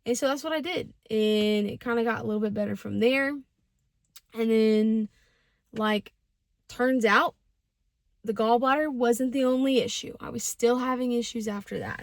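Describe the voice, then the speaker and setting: A woman's voice: fairly high pitch, moderate pace, dry recording. A young woman in her twenties telling a personal story in a casual vlog, chatty and slangy with lots of fillers. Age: 20s. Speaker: vlogger.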